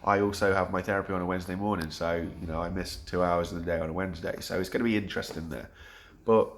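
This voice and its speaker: Man, 30s, lowish voice, earnest rambling vlog talk, lots of restarts. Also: fairly even intonation, fast talker, slight background noise. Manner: earnest, rambling, thinking aloud with many restarts. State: getting choked up. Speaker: vlogger. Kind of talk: reflective vlog monologue.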